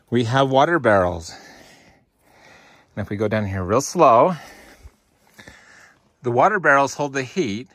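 Out in the snow and then inside a greenhouse, a farmer in his forties hosts a casual farm vlog, filming himself on a handheld camera. His bright, mid-range male voice comes through breathless on a dry recording as he cheerfully speaks to viewers as "guys."

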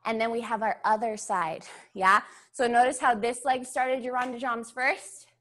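In a bit of a bright, steady voice on the high side, a young woman teaches beginner ballet online at a moderate pace. Slightly winded, she calls out steps, counts beats and keeps checking on her students with an encouraging "yeah?".

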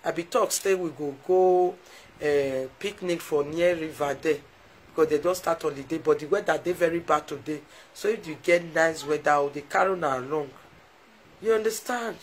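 A woman's voice: low voice, moderate pace, slight background noise, low-quality recording. A woman with a Nigerian Pidgin English accent, chatting casually to viewers on a live stream, effusive and heartfelt as she thanks them often. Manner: emotional, heartfelt.

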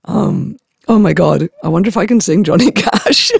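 Vlogger with a chest cold: giggly, stammering, husky, with a slow, dry sound. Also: male voice, sits high, no echo. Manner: giggly, stammering, self-mocking. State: hoarse from a chest infection. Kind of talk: rambling casual monologue.

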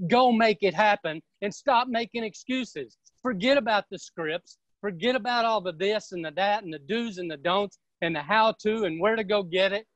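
A woman's voice: fairly low pitch, no echo. A woman giving a blunt, emphatic motivational pep talk as a guest on a video call. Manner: blunt, emphatic, preachy, with some swearing. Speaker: real estate team leader speaking as a guest. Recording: dull, dry video-call audio.

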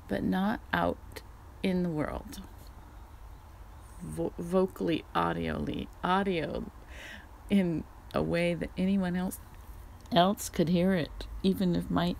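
A woman recording a casual spoken diary at home, musing softly and often dropping to a whisper. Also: fairly low pitch, creaky, slight background noise. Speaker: podcast host. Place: home in Northern California.

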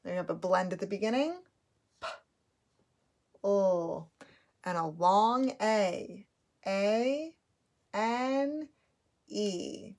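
A woman's voice: mid-range voice, drawn-out words, long pauses, a little mellow. A woman teaching a phonics lesson, sounding out letters and words patiently for children to repeat.

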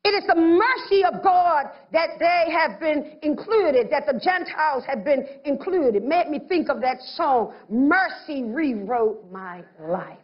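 Animated woman pastor preaching, lo-fi. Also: high voice, slow pace, hardly any pauses. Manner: animated preaching, acts out voices of others. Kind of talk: sermon.

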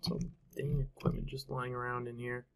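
A man's voice: mid-range voice, level tone, normal speed, smooth. A man casually commentating his own strategy game play, thinking aloud and trailing off with fillers and half-finished thoughts. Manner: musing to himself, trailing off with fillers. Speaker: gameplay commentator.

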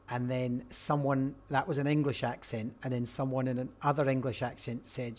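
A man's voice: medium pitch, level tone, normal speed, hardly any pauses, darkish tone. A man hosting a let's-play, talking casually and thinking aloud as he works through clues. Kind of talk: casual game commentary. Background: game music.

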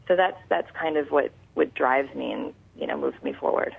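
A woman guest calling in to an interview, candid and quick to laugh. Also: low voice, gravelly, slightly rough, phone-quality sound. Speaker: guest actress. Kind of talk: casual interview chat. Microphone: phone call-in.

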